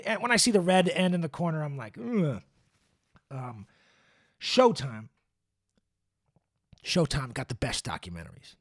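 A man's voice: medium pitch, fairly bright tone. A man ranting casually about films, profane and scathing, with many fillers. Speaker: movie commentator. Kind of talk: casual rant.

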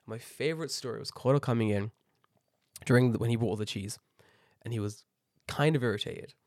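A man's voice: mid-range voice, brisk, no room sound. Give me a man chatting on a podcast, swearing and telling stories, in a dry room. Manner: rambling, swears a lot, animated storytelling. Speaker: podcast co-host. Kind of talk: casual chat.

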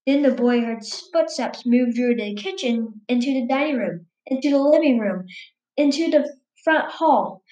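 A woman's voice: fairly high pitch, lively intonation, normal speed, warm tone, reverberant, rough recording. A woman reading a scary story aloud in a casual, stumbling way, restarting words as she goes.

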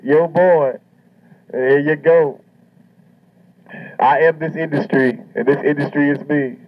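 A man working a stand-up set with a loud, swaggering, profane delivery. His voice sits a little high for a man. The recording is muffled and lo-fi. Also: steady tone, a little slow. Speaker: stand-up comedian. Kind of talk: stand-up comedy routine.

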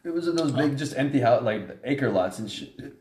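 A man's voice: medium pitch, lively intonation, brisk, a little mellow, reverberant. A man chatting casually on a podcast in laid-back, profane slang. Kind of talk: casual chat.

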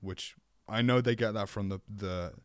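A man's voice: fairly low pitch, moderate pace, clear, resonant tone, dry recording, studio quality. Teasing man, casual chat. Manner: playful, teasing, swears a lot, goes off on tangents. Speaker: podcast co-host.

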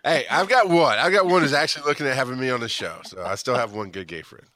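A man's voice: medium pitch, fast, very noisy. A man co-hosting a podcast in casual chat, playful and teasing. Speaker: podcast co-host.

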